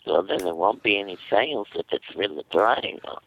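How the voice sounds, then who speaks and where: A man's voice: sits low, lively intonation, normal speed, phone-quality sound. A man co-hosting a casual chat show, butting in with teasing, crude remarks. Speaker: podcast co-host.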